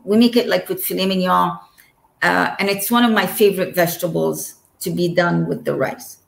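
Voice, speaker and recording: A woman from Egypt in her forties, telling her personal near-death story as an interview guest, earnest and searching, with quick giggles and restarts. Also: on the low side, steady tone, creaky, reverberant, poor audio. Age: 40s. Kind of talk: emotional personal testimony.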